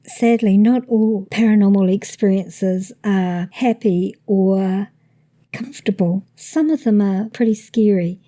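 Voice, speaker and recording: A woman host calmly reading scripted introductions and music credits. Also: mid-range voice, a little slow. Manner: calm, reads credits and introductions. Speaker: podcast host. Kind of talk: scripted narration.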